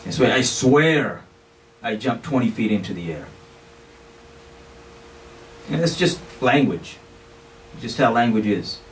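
A man's voice: mid-range voice, expressive, slow, pauses often. A man giving an explanatory sermon from the pulpit of a mosque, talking conversationally with frequent "you know" and Arabic phrases. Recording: distant mic with faint background noise.

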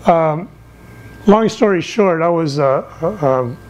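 A middle-aged man giving a lively sermon from the pulpit, telling stories with big swings in his voice. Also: slow pace, rough recording. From England. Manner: animated, storytelling with wide swings in pitch. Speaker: missionary speaker.

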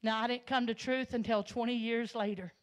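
A woman from Arkansas, a guest speaker, gives a heartfelt Pentecostal sermon testimony in a church sanctuary. Her voice is on the high side, steady and a little fast, and her storytelling swells into loud, passionate preaching.

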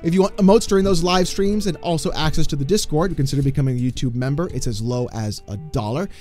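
A man hosting a gaming commentary channel, ranting in an exasperated, mocking way that swings into shouting. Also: a little high, quick pace, faint music behind.

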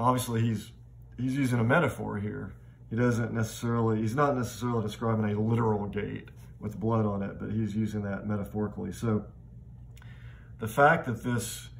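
A man's voice: medium pitch, creaky. A man giving a literature lecture in a reflective way. He thinks aloud and often restarts his phrases. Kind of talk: classroom lecture. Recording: faint background noise.

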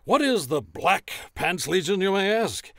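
A man playing a gruff, profane, hard-drinking male arena announcer who blusters through a commercial recording in a comedy sketch. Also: sits high, sing-song, unhurried, a bit bright, dry recording, clean studio sound, heavily acted. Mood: announcing.

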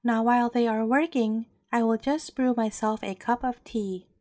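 A woman's voice: on the high side, steady tone, normal speed, warm tone, no room sound, studio quality, natural voice. Woman voicing a cheerful old priest. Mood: pleased. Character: happy old male temple priest.

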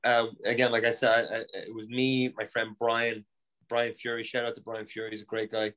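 An Irish man in his thirties tells a story on a podcast, mid-pitched and animated. He laughs easily and swears casually as he talks. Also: fairly quick, rough recording. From Ireland. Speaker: podcast guest, fighter. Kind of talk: casual chat, anecdotes.

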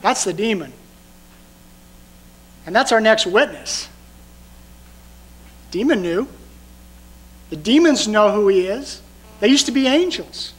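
High-voiced man preaching a sermon. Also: fairly bright tone, rough recording. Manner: conversational, emphatic preaching with rhetorical questions. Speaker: pastor.

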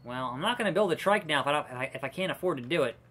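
A man's voice: fairly high pitch, animated, very fast, bright, forceful tone, slightly rough, faint music behind. A man streaming a park-building game, ranting profanely and exasperated with many restarts. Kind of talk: casual gameplay commentary.

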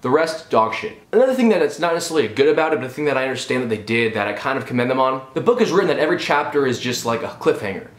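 A man's voice: medium pitch, very animated, racing, few pauses. A young man giving a sarcastic, profane movie review rant on his vlog. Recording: roomy echo.

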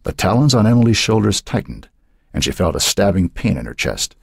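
Man, audiobook narrator, very low voice, lively intonation, dramatic, measured. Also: vocal fry, breathy edge, no room sound, studio quality.

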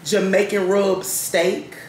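A woman's voice: mid-range voice, little pitch movement, slow. A young woman, chatting casually to her viewers in a rambling vlog at home. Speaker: vlogger. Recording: echoey room with clear background noise.

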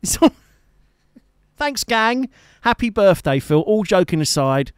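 A man's voice: high-pitched, very animated, slow pace, clear, resonant tone, no echo, clean studio sound. A man hosting a live music stream, chatting casually and teasingly to his viewers from a home streaming setup. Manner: chatty, teasing, jokey, fond asides. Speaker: live-streaming guitarist and host.

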